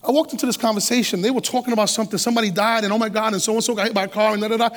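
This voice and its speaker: A middle-aged man preaching a sermon as a guest preacher, animated and streetwise, acting out quotes with humor. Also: sits high, very fast, big-room sound. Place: church sanctuary.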